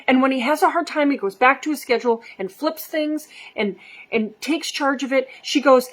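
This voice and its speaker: Middle-aged woman, high voice, animated storytelling vlog, acts out voices. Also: moderate pace. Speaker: behavior coach. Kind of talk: casual storytelling to camera.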